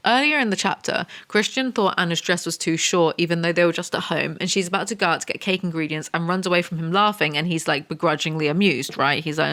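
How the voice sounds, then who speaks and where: A woman's voice: on the low side, quick pace, fairly bright tone. A young woman giving a sarcastic, profanity-laced book review, mocking the story as she reads from it. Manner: sarcastic, swears freely.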